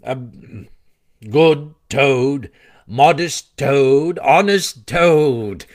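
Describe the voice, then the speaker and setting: A man doing a squeaky, pompous weasel chief. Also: expressive, slow pace, a bit bright. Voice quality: high, squeaky. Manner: pompous after-dinner speaker.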